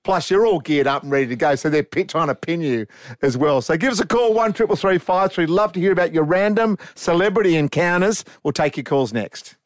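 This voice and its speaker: An upbeat man hosts a talkback segment, his voice sitting slightly high. It's dry and close in the studio. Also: animated, fairly quick, no echo. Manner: upbeat, takes calls. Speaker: radio co-host. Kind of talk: casual radio banter.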